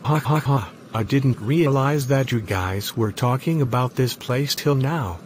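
Man doing a cheerful joking young guy, mid pitch, amateur web series. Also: measured pace, slight background noise, close to an everyday voice. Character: jokey young man, likes his own humor.

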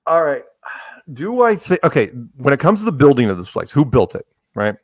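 A man talking casually as a podcast guest, rambling with jokes and animated asides. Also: mid-range voice, fairly quick, no room sound, clean studio sound. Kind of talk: casual interview talk.

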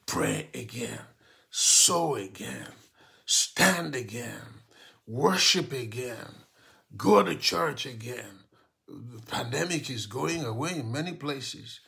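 Preacher, male, gravelly and bright, slow and insistent exhortation. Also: medium pitch, lively intonation. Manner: exhorting, repetitive commands, shouting then hushed. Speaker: pastor. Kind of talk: sermon.

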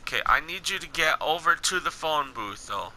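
A young man giving casual, excitable gameplay commentary, talking at the game characters in slangy speech. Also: fairly high pitch, normal speed, low-quality recording. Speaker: gaming channel host.

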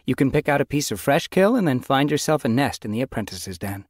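A man voicing a brisk, instructive female mentor cat in an audiobook. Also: medium pitch, big pitch swings, no echo, clean studio sound, voice pushed up.

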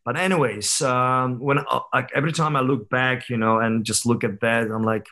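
A man's voice: medium pitch, steady tone, normal speed, pushed and bright. A man over thirty, a guest on a podcast, telling stories in a candid, reflective way with many fillers and restarts. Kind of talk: casual conversational interview.

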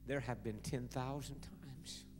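A middle-aged male pastor preaching a sermon, telling a story softly and dropping into hushed whispers. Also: medium pitch, measured pace, in a large hall. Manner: soft, intimate storytelling that drops to hushed whispers. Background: music.

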